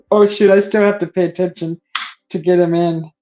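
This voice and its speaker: A woman's voice: on the low side, steady tone, normal speed, dull audio, soft background music. A woman hosting a paint-and-chat live stream who laughs often and fumbles a little with the setup. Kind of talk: casual chat.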